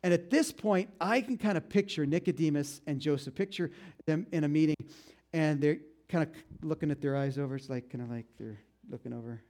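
A man preaching in a loose, conversational way, bringing the story to life for his listeners and often tossing in a casual "you know." His voice sits a bit on the high side for a man. He talks to the congregation as if chatting with them. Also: a little fast, a little mellow. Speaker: pastor.

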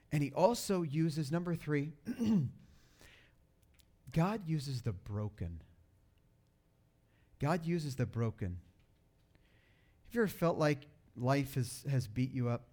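A man's voice: fairly high pitch, darkish tone. A middle-aged male pastor preaching a conversational sermon, restarting phrases and acting out quotes.

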